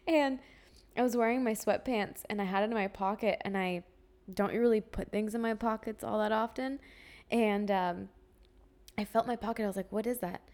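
A young woman hosts her own podcast in a loose, personal chat. She talks at a medium pitch, drops in plenty of fillers and breaks into light laughs as she goes. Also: darkish tone. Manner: chatty, frequent fillers and laughs. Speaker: podcast host. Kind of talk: casual solo podcast chat.

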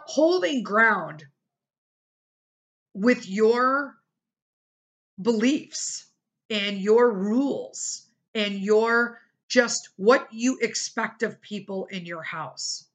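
Woman, middle-aged, podcast host, casual storytelling, animated, bright tone. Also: drawn-out words. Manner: animated, acts out quoted people with big pitch jumps.

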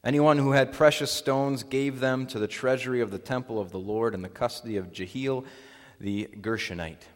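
Solemn male pastor in a reverberant church. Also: mid-range voice. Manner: solemn, measured liturgical delivery. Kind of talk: liturgy and scripture reading. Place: church sanctuary. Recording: long reverb of a church hall.

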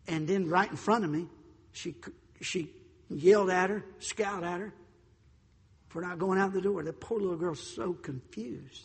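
A man preaching a sermon, telling stories in an animated way, acting out voices, and swinging between loud and soft. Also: high-pitched, moderate pace, breathy edge, in a large hall. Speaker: pastor.

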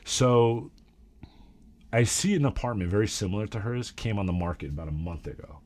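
A man, a real estate agent, telling animated work stories in casual chat and swearing freely. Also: fairly low pitch, brisk.

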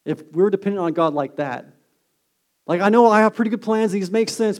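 A man preaching a sermon as a pastor, earnest and emphatic, dropping to a hushed tone on key lines. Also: high-pitched, brisk.

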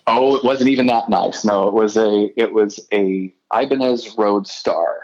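A man's voice: fairly low pitch, measured pace, a little mellow, dull audio. A middle-aged man from Idaho, a guitarist guest, telling rambling stories in a casual interview and often correcting himself.

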